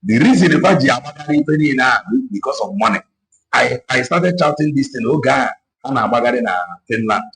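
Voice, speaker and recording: A man's voice: mid-range voice, expressive, fairly quick, gravelly, a bit bright, poor audio. A man giving an impassioned political talk, switching between Igbo and English and repeating himself to drive points home. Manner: mixes Igbo and English, repetitive, exhorting. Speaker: activist speaker.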